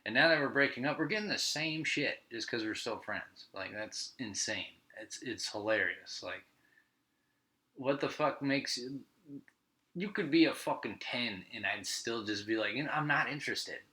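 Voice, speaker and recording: A man's voice: mid-range voice, expressive, measured pace, bright, forceful tone, rough recording. A man hosting a podcast, telling stories in a casual, profane, rambling monologue. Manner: profane, ranting storyteller. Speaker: podcast host.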